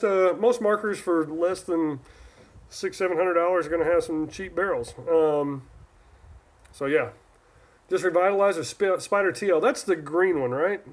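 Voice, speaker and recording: A man's voice: high voice, normal speed. A man from Northern California hosting a casual live stream, answering viewer questions in a rambling, chatty way that often trails off and restarts. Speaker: livestream host.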